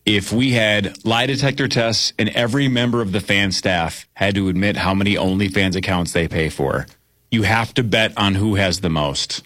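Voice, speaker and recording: A man hosting a radio talk show, teasing his co-hosts and posing questions in a lively, joking way. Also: lowish voice, moderate pace. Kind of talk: casual radio banter.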